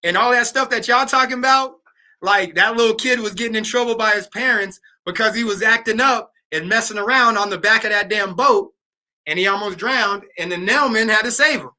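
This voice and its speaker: A man in his thirties hosts a livestream, chatting casually with viewers and spinning loose stories packed with fillers and slang. His voice is high-pitched and sharp, moving a little fast.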